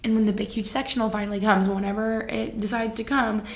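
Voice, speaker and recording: A woman's voice: medium pitch, level tone, quick pace, vocal fry. A woman in her twenties chatting casually to camera, telling stories with lots of fillers and laughter. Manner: chatty, giggly storytelling with many fillers. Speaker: vlogger. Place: new apartment, indoors.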